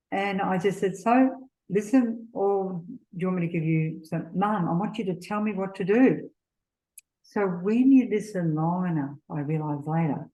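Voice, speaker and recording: A middle-aged woman giving a gentle, earnest faith seminar talk, sharing personal stories. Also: fairly low pitch, low-quality recording. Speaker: seminar speaker.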